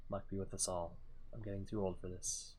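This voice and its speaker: A man streaming a role-playing game, reading its dialogue aloud in a low-key, halting way with mumbled asides. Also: flat delivery, mellow, a little hiss or hum, low-quality recording.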